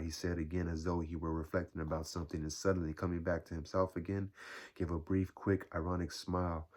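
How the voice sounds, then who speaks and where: Man, audiobook narrator, very low voice, measured reading. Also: flat delivery, a little mellow. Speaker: audiobook reader. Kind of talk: novel read aloud.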